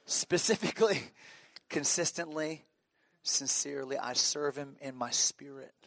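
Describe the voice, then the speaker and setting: A man's voice: mid-range voice, vocal fry, a bit bright, no echo. A middle-aged man preaching a sermon as a pastor, telling stories with humor and frequent restarts. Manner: conversational, humorous storytelling with restarts.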